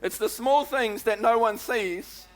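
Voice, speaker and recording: A man with a New Zealand accent preaching a sermon as pastor, in a chatty, lively way that keeps calling out "come on" and "eh?" to the congregation. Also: very high-pitched, unhurried.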